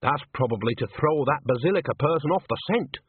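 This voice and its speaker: A man's voice: medium pitch, animated, fairly quick, a little hiss or hum, lightly acted. A man voicing a cheerful, bawdy old female witch who talks in a chirpy, cheeky way. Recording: dry, tinny phone-like sound.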